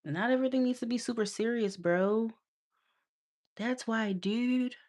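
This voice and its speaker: A woman's voice: a little high, unhurried, darkish tone. Sassy woman giving a tarot reading. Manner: sassy, scolding and teasing, laughs often. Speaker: tarot reader. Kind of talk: casual live tarot reading.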